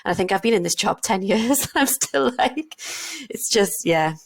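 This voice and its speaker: A woman in her thirties, a doctor in GP training, co-hosting a casual podcast chat, animated and laughing often as she trails off and restarts. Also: medium pitch, moderate pace.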